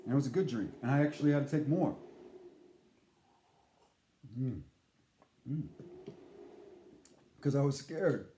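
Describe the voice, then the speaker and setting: A man's voice: mid-range voice, expressive, unhurried, long pauses, mellow, roomy sound, slight background noise. A man telling a casual, comic story in a rambling, profane way, often breaking off his sentences. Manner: rambling, profane, self-interrupting.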